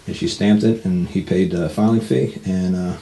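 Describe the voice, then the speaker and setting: A man telling a story in a casual, animated way, acting out the dialogue and laughing often. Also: low-pitched, normal speed, gravelly, rough recording.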